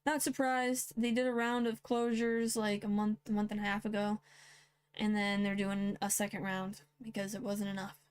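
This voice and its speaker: A woman's voice: medium pitch, level tone, normal speed, clean tone. A woman hosting a news roundup, reading headlines aloud and adding blunt, sarcastic comments. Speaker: host.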